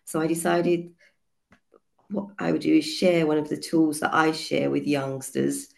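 A woman with a cold and a hoarse voice, a children's yoga teacher explaining her book chapter in an earnest way, with many fillers. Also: deep voice, little pitch movement, a little slow. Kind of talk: casual online panel talk.

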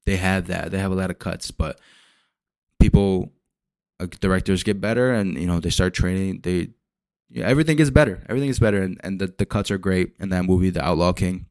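Young man ranting casually, low voice, dry sound. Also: fairly quick, dry recording. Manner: rambling, profane, animated retellings. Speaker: podcast host. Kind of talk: casual solo podcast rant.

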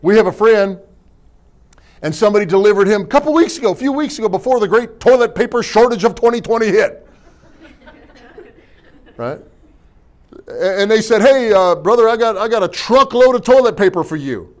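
A man's voice: sits high, lively intonation, a little fast, pauses often. A middle-aged man preaching a sermon as pastor, folksy and jokey, tossing in amens and rhetorical questions.

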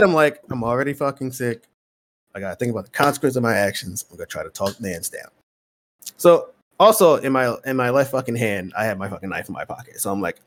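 Animated, cursing male podcast storyteller. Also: medium pitch. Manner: profane, animated storyteller acting out exchanges. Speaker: podcast host. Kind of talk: casual storytelling chat.

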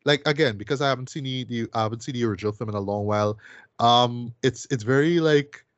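In a dry, muffled recording, a man with a mid-range voice talks fast and smoothly in casual podcast chat about a film he's reviewing. His rambling is full of fillers and repeated words, with "boy" and "right?" sprinkled throughout.

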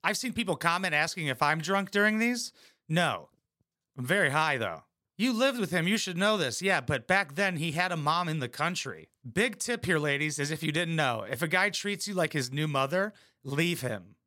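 A man's voice: on the high side, expressive, moderate pace, bright, forceful tone, dry recording, clean studio sound. A man giving crude, mocking, blunt commentary while reacting to a reality show. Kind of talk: casual profane commentary.

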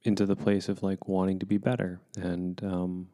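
A man speaking softly and haltingly about a hard time, emotionally drained, in a candid personal conversation. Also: sits low, completely flat delivery. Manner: soft-spoken, halting, with many pauses and restarts. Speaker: co-host.

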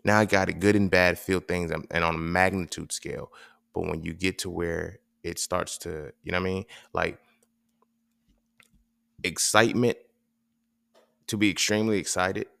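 A man's voice: deep voice, fairly even intonation, normal speed, gravelly, long pauses, a bit bright, no room sound. A man hosting a podcast in a casual monologue, rambling and profane, checking in with "right?" between thoughts. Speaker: podcast host.

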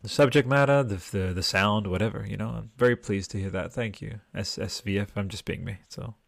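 A man's voice: on the low side, fairly quick, gravelly, no echo, studio quality. A man hosting a podcast livestream, reading out viewer comments in a rambling, chatty way, tired and swearing freely. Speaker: podcast host. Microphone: desktop mic with headphones.

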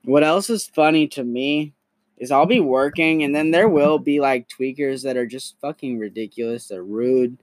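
A young man hosting a podcast in a casual, crude, animated storytelling manner. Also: mid-range voice, moderate pace, no room sound. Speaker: podcast host.

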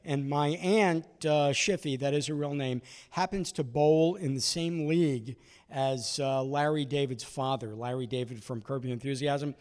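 A comedian from Brooklyn, New York, hosting a storytelling show, with a conversational, filler-heavy delivery. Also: male voice, mid-range voice, normal speed, a little mellow, long reverb tail. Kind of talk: live stand-up storytelling. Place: theater stage before a live audience.

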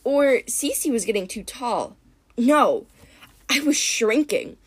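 A woman narrating a story in the first person, expressive and dramatic. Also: fairly high pitch, slow pace, husky. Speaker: audiobook narrator.

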